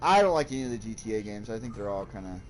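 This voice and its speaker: A man hosting a casual gaming chat, loud and jokey, swearing freely. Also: on the low side, expressive, racing, soft background music. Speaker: gaming channel host.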